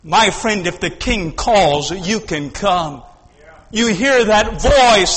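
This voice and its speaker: A man preaching a fervent sermon in a high, bright voice. He takes his time and drops to near-hushed tones before building to ringing shouts. Everything trails off in a long, echoing reverb. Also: expressive, takes it slowly, slightly rough. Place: church service.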